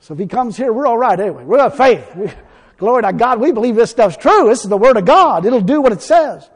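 A man preaching a fiery sermon, folksy and blunt, now and then breaking into shouts. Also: extremely high pitch, very animated, fairly quick, husky.

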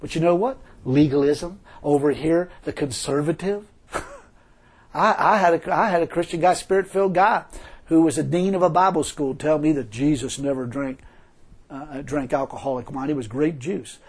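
A man's voice: fairly high pitch, moderate pace, a little mellow, slightly rough. A man preaching an informal sermon mixed with his own testimony, talking conversationally, repeating phrases and chuckling often.

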